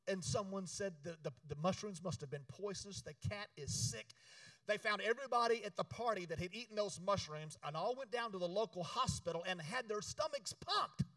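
Preacher guy, high bright voice, goes from loud to hushed, mic kinda far off in a dry room. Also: animated, fairly quick, no echo. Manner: emphatic, call-and-response preaching; swings between loud exhortation and hushed storytelling. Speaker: pastor. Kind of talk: sermon.

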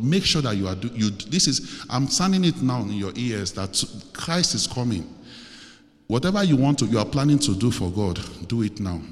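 A male preacher in a church delivers a sermon and leads prayer, earnest and pleading, repeating his words again and again. His mid-pitched voice rings out with a long, lingering reverb from the hall around him. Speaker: visiting preacher.

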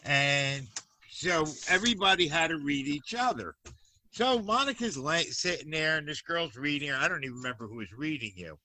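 A man, a guest who teaches occult classes, telling animated stories in a playful, teasing way and mimicking the people in them. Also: fairly high pitch, normal speed, slight background noise. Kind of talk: animated storytelling.

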